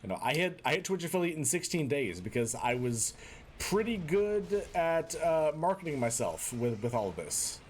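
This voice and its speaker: A man streams a video game live, putting on a Boston and New York accent as he chats with viewers and makes mock-tough asides. His slightly high voice has a sing-song lilt at normal speed, with slight background noise.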